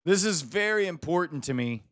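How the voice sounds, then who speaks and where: A man with a high, smooth, clear voice hosts a live stream. He teases a viewer and scolds him in mock exasperation. The sound is dry and close, with no room around it. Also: lively intonation, fairly quick, fairly bright tone, no room sound. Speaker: livestream host. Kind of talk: live stream chat banter.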